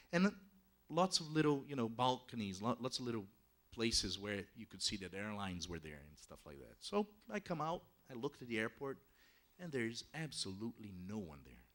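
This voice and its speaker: A man telling a travel story to an audience in a lively, conversational way, dropping in frequent "you know" asides. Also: mid-range voice.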